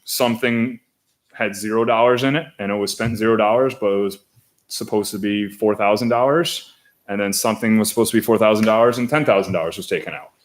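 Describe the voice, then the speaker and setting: A man at a school board meeting, explaining budget figures and talking his way through them with restarts and pauses. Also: on the low side. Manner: hesitant, thinking aloud with restarts. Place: meeting room.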